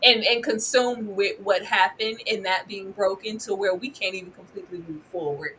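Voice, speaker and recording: A woman giving casual, animated commentary on a reality show, laughing often and mimicking people with exaggerated voices. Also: mid-range voice, normal speed, slight background noise, rough recording. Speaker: reality TV reviewer.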